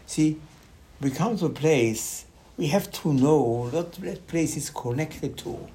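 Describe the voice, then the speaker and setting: A man giving a Torah class in animated, non-native English, often repeating his words and jumping up in pitch. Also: slow pace, slight background noise. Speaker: Torah teacher.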